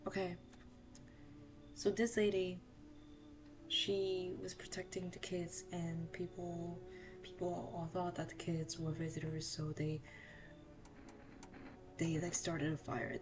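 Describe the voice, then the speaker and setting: A woman's voice: on the low side, level tone, takes it slowly, long pauses, music in the background. A young woman giving casual, chatty commentary while playing a horror game. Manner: chatty, self-deprecating. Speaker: gaming streamer.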